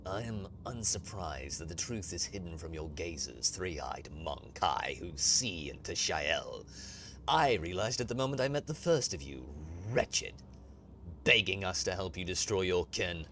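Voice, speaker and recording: A man voicing an ancient alien Harlequin mystic in a low, hushed, grave voice, reading a game aloud. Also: big pitch swings, a little slow, slight background noise, full character voice.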